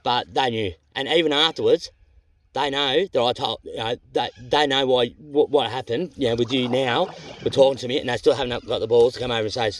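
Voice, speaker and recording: A man's voice: medium pitch, brisk, slight background noise. A man with an Australian accent chatting casually while paddling a canoe on a river, blunt and rambling, swearing freely. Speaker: vlogger on a canoe trip. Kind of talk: casual vlog chat.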